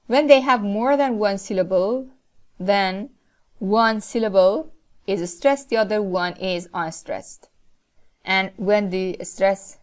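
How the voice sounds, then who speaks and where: Woman lecturing on language, not her first, talks real slow and careful. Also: medium pitch. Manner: slow, deliberate explaining with careful pauses. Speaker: linguistics lecturer. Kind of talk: recorded lecture.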